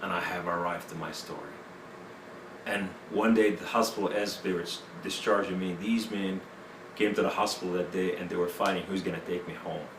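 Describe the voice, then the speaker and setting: Recorded from afar in an echoey room with background noise, a deep-voiced man tells his personal story as an interview guest. His tone stays steady and his pace fairly quick, his broken English laced with fillers.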